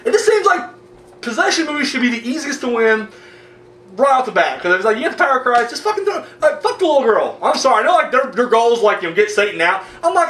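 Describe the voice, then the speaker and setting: A man ranting casually to camera, animated and profane and jokey, with quick acted-out asides. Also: very high voice, roomy sound, distant mic, a little hiss or hum. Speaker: video blogger.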